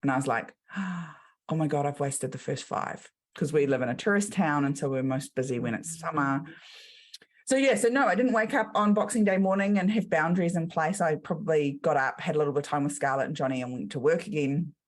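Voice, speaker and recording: A woman's voice: deep voice, fast. A middle-aged woman with a New Zealand accent, a business coach guest who tells her story casually and acts out the quotes in it.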